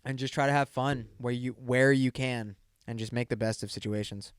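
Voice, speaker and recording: A man in his mid-twenties rambles through a casual solo podcast and swears freely. His voice is smooth and mid-pitched. It sits dry and close on the mic. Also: steady tone, moderate pace, no echo. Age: 20s. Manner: rambling, swears a lot, says "dude" often. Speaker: podcast host.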